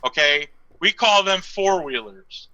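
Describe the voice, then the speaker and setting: A man's voice: high-pitched, animated, a little slow, bright, forceful tone, muffled recording. A young man co-hosting a casual live stream, telling profane, ranting stories about his workday. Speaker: co-host.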